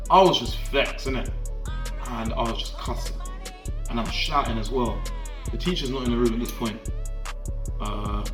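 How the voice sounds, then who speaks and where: A young man telling a story in an animated, slangy way, often checking that the listener follows him. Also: medium pitch, reverberant. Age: young adult. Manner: animated slangy storytelling, often asking the viewer "do you get what I'm trying to say". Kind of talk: casual storytime vlog.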